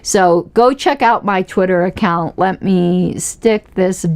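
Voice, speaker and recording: A woman's voice: fairly low pitch, slow pace, a little mellow, clear, resonant tone. Chatty, laughing woman streamer. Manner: chatty, laughs often, self-mocking. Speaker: political commentary livestream host. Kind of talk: casual livestream commentary.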